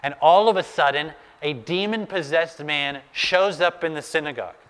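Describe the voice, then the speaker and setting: A male pastor preaching a sermon, telling the story in an animated way and urging his listeners to imagine the scene. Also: fairly high pitch, normal speed, clear, resonant tone, in a large hall.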